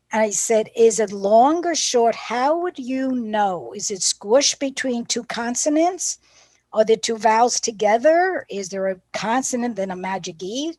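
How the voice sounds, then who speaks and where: A woman's voice: on the high side, dry recording. A woman teacher trainer giving a professional development talk, telling classroom stories and acting out the dialogue. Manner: lively storyteller who acts out classroom dialogue.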